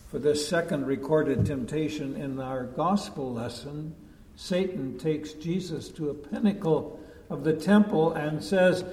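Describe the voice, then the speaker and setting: Pastor, male, slow measured preaching, fairly high voice, long church reverb. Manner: measured, emphatic, drops to a hush at key points. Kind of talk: sermon. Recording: long echo of a large hall.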